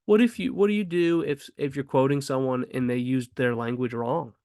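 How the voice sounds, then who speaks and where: A man casually teaches grammar in a medium-pitched, fairly even, slightly mellow voice at normal speed, recorded at studio quality with no room sound. He thinks aloud with frequent ums and restarts, asking rhetorical questions with rising emphasis.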